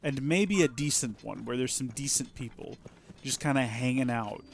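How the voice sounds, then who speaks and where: Over soft background music, a man with a creaky mid-range voice talks at normal speed while streaming a game. His let's play commentary is casual and playful, full of jokey asides aimed at himself, the game, and his viewers.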